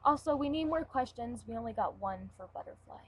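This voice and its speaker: A woman's voice: on the high side, animated, fairly quick, slightly rough, rough recording. Young woman casually reading jokes aloud. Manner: casual reading, trailing off quietly. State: sick. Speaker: web show co-host.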